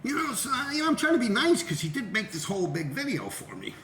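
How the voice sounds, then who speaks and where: A middle-aged man telling a profane, animated story about his graffiti past and acting out the voices of people he quotes. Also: very high voice, fast, echoey room, a little hiss or hum. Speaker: graffiti writer and show host. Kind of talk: casual storytelling.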